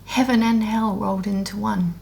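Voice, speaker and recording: A woman's voice: medium pitch, fairly even intonation, moderate pace, creaky, mellow. A woman speaking in a candid, unscripted monologue, blunt and heavily profane, earnest and emotional as she rambles with restarts about her spiritual awakening.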